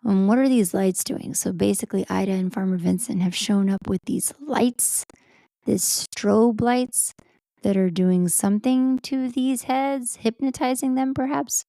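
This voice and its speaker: A woman co-hosting a podcast in casual movie chat, reacting aloud to each scene in an animated way. Her voice sits in a middle register. It is recorded close and dry, with no room sound. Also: medium pitch, a little slow, creaky, dry recording. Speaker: podcast co-host.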